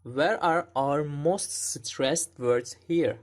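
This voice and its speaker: A man's voice: fairly high pitch, extremely slow. A man teaching English pronunciation in a recorded online lesson. He speaks carefully, repeating words and demonstrating the sounds himself.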